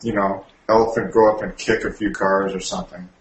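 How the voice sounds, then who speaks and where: A man's voice: deep voice, little pitch movement, brisk, roomy sound, a little hiss or hum, rough recording. A man co-hosting a podcast, chatting casually with wry, joking asides. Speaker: podcast co-host. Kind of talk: casual chat.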